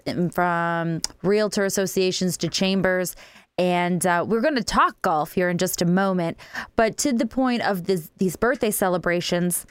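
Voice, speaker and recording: A woman's voice: mid-range voice, clean tone, no echo, studio quality. A woman hosting a local radio talk show, gushing and promotional as she chats and plugs local businesses.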